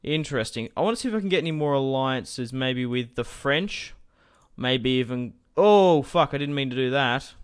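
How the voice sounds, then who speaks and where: A man with a smooth, clear voice commentates casually on his own strategy game. He thinks aloud, drifts into asides to his viewers and fills pauses as he goes, speaking close to a desk microphone. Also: medium pitch, a bit bright. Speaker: gaming channel host.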